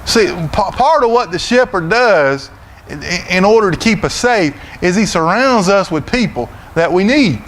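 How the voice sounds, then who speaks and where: A middle-aged Southern preacher man with a notably high voice, delivering a folksy sermon in a church. He talks loud and blustery, stumbling over and repeating words. A faint hiss of noise sits behind him. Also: expressive, moderate pace. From Florida, USA. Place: church sanctuary.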